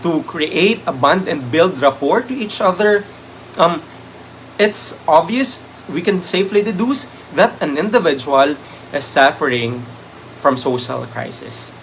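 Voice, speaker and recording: Male review lecturer, Filipino accent, slightly higher voice, Taglish, lots of fillers, faint noise behind him. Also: a little slow. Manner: Taglish code-switching, many "um" fillers; thanks viewers by name. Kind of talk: live-stream exam review.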